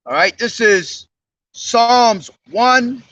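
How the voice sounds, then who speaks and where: A young man preaching outdoors at a bus station, slowly declaiming scripture, then talking in slangy, profane street speech into a camera he holds himself. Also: very high-pitched, expressive, a bit bright, no echo, muffled recording. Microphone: self-held camera.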